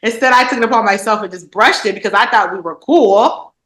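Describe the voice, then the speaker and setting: A woman's voice: mid-range voice, fairly quick. A woman in casual podcast chat, telling blunt stories and acting out quotes from friends. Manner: blunt, animated storytelling with acted-out quotes. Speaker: podcast co-host. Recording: roomy echo.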